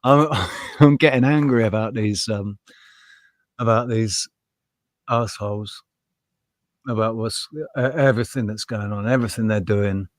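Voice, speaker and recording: A man's voice: fairly low pitch, unhurried, long pauses, dry recording, clean studio sound. A man co-hosting a casual live podcast chat, ranting bluntly with frequent swearing, laughing often and restarting his sentences. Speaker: podcast co-host.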